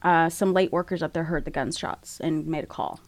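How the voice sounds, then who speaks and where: Woman telling a raw, halting story. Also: low voice, fairly even intonation, a crowd in the background. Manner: frank, halting, emotional retelling. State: tearful. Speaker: guest. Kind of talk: candid personal storytelling.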